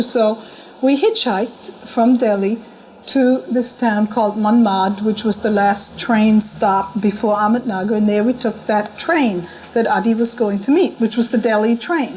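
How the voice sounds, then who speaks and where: Middle-aged woman, slightly high voice, animated storyteller who laughs a lot and quotes others. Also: normal speed, slight background noise, poor audio. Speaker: storyteller recalling a spiritual journey. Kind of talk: casual spoken memoir. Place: talk at a spiritual center.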